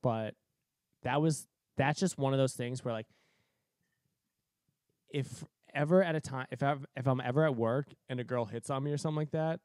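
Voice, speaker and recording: A man in his twenties from Cape Cod, telling a story in a profane, animated way that is full of laughs. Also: mid-range voice, normal speed, no echo, studio quality. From Cape Cod, Massachusetts. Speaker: podcast co-host. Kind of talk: casual storytelling.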